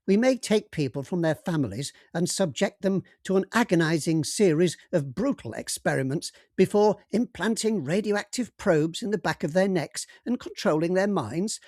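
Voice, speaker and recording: A man's voice: sits high, a little mellow, no room sound, studio quality, pitched above the performer's own voice. A man voicing a cheerful, chatty male alien abductor who is pleased with his own jokes. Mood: breezy.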